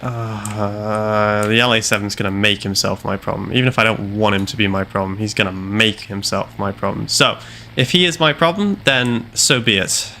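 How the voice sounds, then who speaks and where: A young man doing live gameplay commentary from his home gaming setup on a headset mic, theatrical and self-mocking, with loud mock-heroic outbursts. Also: lowish voice, fairly even intonation, moderate pace, a little hiss or hum. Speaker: game streamer.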